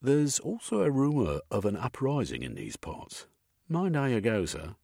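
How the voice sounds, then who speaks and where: A man's voice: medium pitch, huge pitch swings, moderate pace, gravelly, darkish tone, no echo, clean studio sound, pitched above the performer's own voice, heavily acted. A man doing a deferential police sergeant. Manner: formal, obsequious, keeps saying sir. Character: deferential male East End police sergeant.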